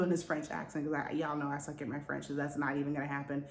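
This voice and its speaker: A woman's voice: low voice, fairly even intonation, fast talker, few pauses, mellow. Woman, book vlogger, casual chat, roomy sound, faint background noise. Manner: chatty, lots of fillers and asides to viewers.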